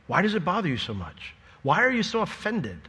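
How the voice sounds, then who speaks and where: Middle-aged preacher guy, husky but bright voice, jokey sermon bouncing in a big echoey hall. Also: high-pitched, a little fast. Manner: animated, jokey, acts out imagined dialogue.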